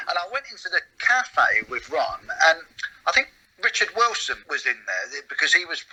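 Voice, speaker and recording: A middle-aged comedian telling stories in a casual interview, reflective and full of hesitant restarts. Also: male voice, fairly high pitch, sing-song, moderate pace, sharp tone, husky, low-quality recording. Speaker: comedian and comedy writer guest.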